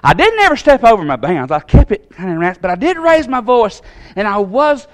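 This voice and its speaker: A man tells a personal story from the pulpit. His voice sits a little high, and he acts out each voice, swinging between loud outbursts and quiet asides. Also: very animated, a little fast. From Tennessee. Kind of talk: storytelling sermon.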